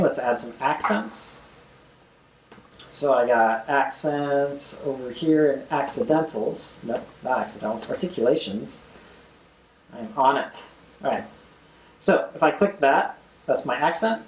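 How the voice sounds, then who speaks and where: A man's voice: medium pitch, measured pace, long pauses, reverberant, a little hiss or hum, low-quality recording. A young man hosting a casual screen-recorded music tutorial, talking as he clicks and scatting drum rhythms aloud.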